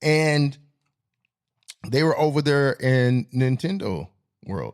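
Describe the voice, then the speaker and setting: A man's voice: a little high, unhurried, long pauses. Guy hosting his podcast, talks in loose rambling stories, voice jumps all over the place. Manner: animated, rambling storyteller who laughs at his own jokes. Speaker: podcast host. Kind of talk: casual monologue.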